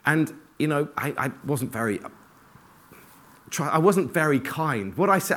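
A man giving an informal church sermon, telling personal stories in a lively, self-deprecating way and acting out his own thoughts. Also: fairly high pitch, a little slow. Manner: animated, self-deprecating, acts out inner dialogue. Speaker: preacher. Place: church hall with congregation.

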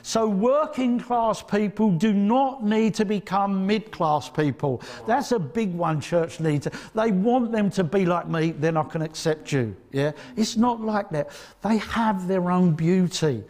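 Male preacher, Essex accent, slightly high voice, chatty and emphatic delivery that keeps checking in with the room. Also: unhurried, a little mellow. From Essex, England. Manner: conversational, emphatic, checks in with the audience. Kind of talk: sermon.

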